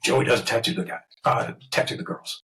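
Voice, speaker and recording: A man's voice: mid-range voice, moderate pace, vocal fry, rough recording. A man with a New York accent, a tattoo artist guest swearing freely and laughing as he tells stories. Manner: profane, laughing, animated storyteller. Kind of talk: casual storytelling.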